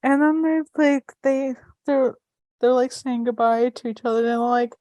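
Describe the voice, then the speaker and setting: A woman's voice: high-pitched, flat delivery, moderate pace, dark tone, no echo, clean studio sound. A woman co-hosting a podcast, chatting casually as she retells scenes of a TV episode with lots of fillers. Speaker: podcast co-host. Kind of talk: casual chat recapping a TV episode.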